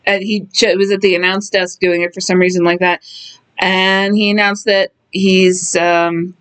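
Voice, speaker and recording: A woman's voice: mid-range voice, fairly bright tone, clean tone. Offhand woman recapping wrestling. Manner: offhand, blunt, lots of fillers. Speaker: podcast co-host. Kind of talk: casual chat recapping wrestling.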